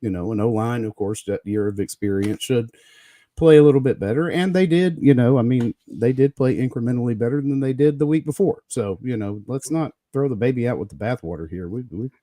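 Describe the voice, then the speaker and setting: A man's voice: medium pitch, animated, a little fast, warm tone, no room sound. A man co-hosting a casual sports talk show, upbeat and reassuring. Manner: upbeat, reassuring, laughs easily.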